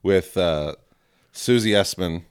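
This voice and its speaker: A man's voice: sits low, slow pace, clear, resonant tone, no room sound, studio quality. A man co-hosting a casual movie podcast, joking around and laughing often. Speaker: podcast co-host.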